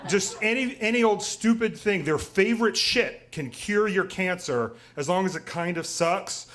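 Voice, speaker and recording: A man tells a personal story live on stage with wry, profane, self-mocking humor. His voice sits a little high for a man. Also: expressive, moderate pace, a bit bright.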